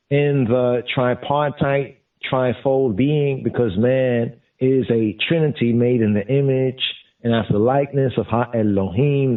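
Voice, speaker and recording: A man teaching scripture in a slow sermon style, restating each term in Hebrew and then English and drawing out key words. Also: medium pitch. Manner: repeats terms in Hebrew and English, drawn-out emphasis. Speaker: teacher of Torah study. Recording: tinny phone-like audio from a distance.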